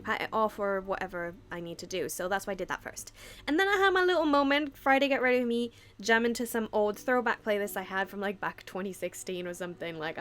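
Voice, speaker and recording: A woman's voice: medium pitch, a bit bright. Young woman beauty vlogger, casual rambling voice-over, self-deprecating humor. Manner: chatty, rambling, laughs at own slips. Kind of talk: casual makeup tutorial voice-over.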